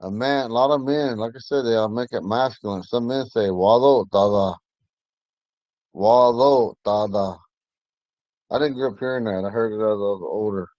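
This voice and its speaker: A man teaching an online language class, talking in a relaxed, rambling way with many fillers. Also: mid-range voice, fast, hardly any pauses, no echo, muffled recording. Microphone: phone.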